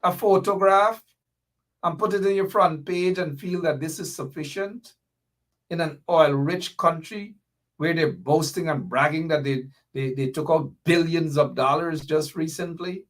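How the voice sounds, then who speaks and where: A man's voice: fairly high pitch, measured pace, a bit bright. A middle-aged man with a Guyanese accent hosting a political commentary livestream, impassioned and reading viewer comments aloud. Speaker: show host.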